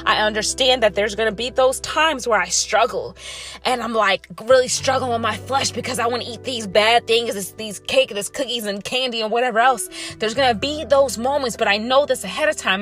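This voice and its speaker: A woman's voice: a little high, a bit bright. A woman giving a fired-up motivational monologue about weight loss, calling her listeners y'all.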